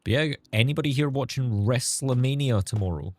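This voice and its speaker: A man's voice: mid-range voice, a little fast, a little hiss or hum. A man streaming a game, chatting casually with viewers in a sarcastic tone and swearing freely.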